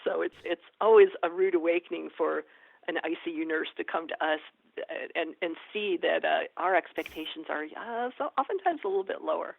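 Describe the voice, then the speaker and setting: Woman nurse guest, gravelly voice, tinny phone-like line, animated storytelling. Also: deep voice, fairly quick, dry recording. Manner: lively, animated storyteller acting out quoted dialogue. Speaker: ER nurse and educator, podcast guest. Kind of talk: conversational storytelling interview.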